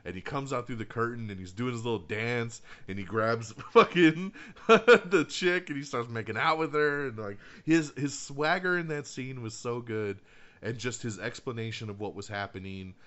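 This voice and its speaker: A man's voice: mid-range voice, normal speed, fairly bright tone, highs cut off. A man in casual chat, retelling a film with lots of energy. He acts out the quotes, laughs often and swears freely. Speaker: podcast co-host reviewing a film.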